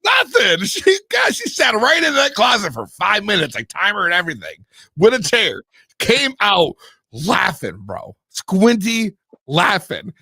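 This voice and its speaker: Man, podcast host, swearing, laughing, bright lively voice, dry sound. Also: high-pitched, a little slow, vocal fry, slightly rough, no echo. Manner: profane, laughing, animated storytelling. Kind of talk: casual podcast chat.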